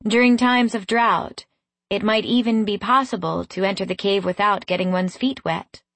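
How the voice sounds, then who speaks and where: A woman narrating a first-person fantasy story in an unhurried, gently expressive way. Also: medium pitch, no room sound. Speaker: audiobook narrator.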